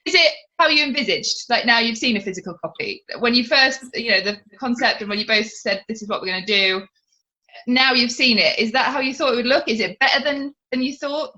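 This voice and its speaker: A woman's voice: on the high side, fairly quick, bright, forceful tone, lo-fi sound. A woman hosting a podcast, asking friendly, easygoing questions. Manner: friendly questioner, laughs easily. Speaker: podcast host. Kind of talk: casual interview.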